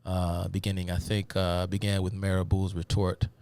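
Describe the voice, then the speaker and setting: Deep gravelly man lecturing casually. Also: completely flat delivery, moderate pace, darkish tone. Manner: rambling, many fillers, addresses viewers as y'all. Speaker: host of a live talk stream. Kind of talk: casual live-stream lecture.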